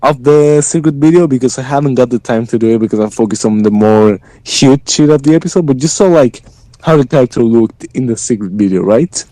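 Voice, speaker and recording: Brief: male game creator, mellow dark tone, dry close sound, laid-back explainer. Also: mid-range voice, a little fast, dry recording, poor audio. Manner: relaxed, swears casually, explains at length. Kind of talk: casual chat in a voice chat.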